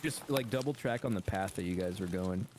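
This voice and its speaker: A man joking around with teammates during a game, animated and playful. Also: low-pitched, fairly quick, noisy background. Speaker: gaming teammate. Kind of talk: casual gaming chat.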